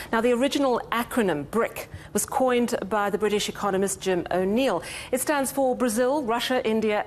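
A woman anchor reading scripted news in a measured, steady way. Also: mid-range voice, a little hiss or hum.

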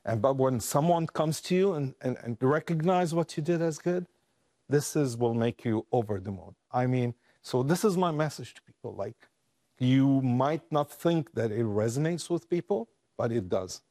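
A man who works with refugees, telling a personal story in an emotional, halting way with many restarts. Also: mid-range voice, expressive, warm tone, no room sound, clean studio sound. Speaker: guest, refugee aid worker.

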